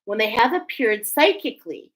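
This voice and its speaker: A woman's voice: on the high side, expressive, normal speed, rough recording. A woman hosting a spiritual oracle card reading, talking effusively and often emotionally. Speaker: angel oracle card reader.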